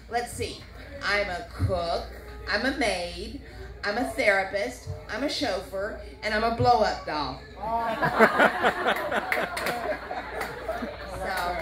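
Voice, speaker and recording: A woman doing a chatty stand-up set, talking straight to the crowd in a comedy club. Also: a little high. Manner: chatty, animated, talks to the crowd. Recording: roomy live club with crowd.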